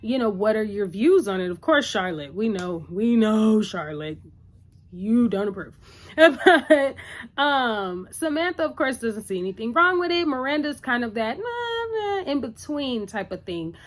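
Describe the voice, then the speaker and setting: Chatty woman with a lively voice. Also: fairly high pitch, unhurried. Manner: chatty and opinionated, with lots of "like" and "you know". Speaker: TV episode recap vlogger. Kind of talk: casual episode recap.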